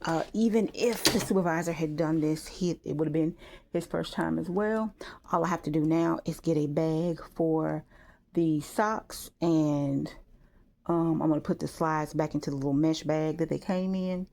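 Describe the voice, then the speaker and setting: A woman chatting casually and excitedly while making a gift on camera, full of exclamations. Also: low-pitched, normal speed, gravelly. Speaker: crafter vlogger. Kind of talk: casual talk while crafting.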